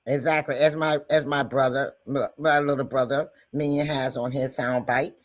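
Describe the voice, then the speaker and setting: A man's voice: medium pitch, fairly even intonation, normal speed, few pauses. A man co-hosting a casual talk show, agreeing and explaining. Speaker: podcast co-host. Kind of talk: casual chat.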